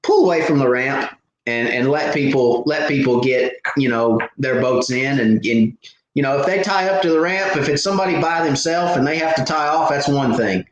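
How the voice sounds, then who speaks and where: A man with a mid-range voice hosts a live fishing Q&A stream, speaking at a moderate pace over slight background noise. He rambles through stories casually, full of fillers and restarts. The room he's in is very echoey.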